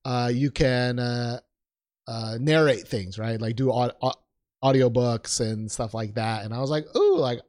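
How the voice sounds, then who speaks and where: A man's voice: medium pitch, fairly even intonation, a little slow, darkish tone. A young man co-hosting a podcast in casual chat, self-deprecating and joking, with many fillers. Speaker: podcast co-host.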